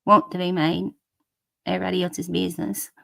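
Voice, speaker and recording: A woman's voice: fairly low pitch, little pitch movement, a little fast, vocal fry, pushed and bright, no room sound, studio quality. A woman hosting a casual livestream, greeting viewers with endearments and breaking into swearing rants. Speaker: livestream host. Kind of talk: casual live chat reading comments.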